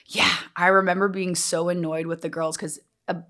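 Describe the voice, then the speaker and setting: Low, gravelly-voiced young woman. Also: fairly bright tone. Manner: candid, rambling, many "like" fillers. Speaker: podcast guest, yoga trainer and musician. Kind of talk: casual interview storytelling.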